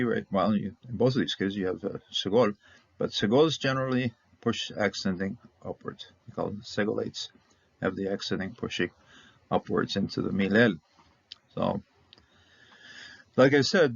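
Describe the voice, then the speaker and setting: A man with a low, gravelly voice gives an informal lesson, talking in a relaxed, halting way and often restarting his sentences. The recording is dull and lo-fi, with a dry, close sound. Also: dry recording. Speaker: Hebrew teacher.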